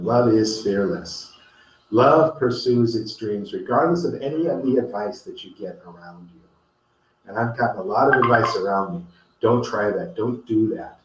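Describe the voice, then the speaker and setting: A man telling a personal story and giving a motivational talk, earnest and rambling, with many fillers and restarts. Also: medium pitch. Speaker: host. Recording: echoey room, distant from the mic.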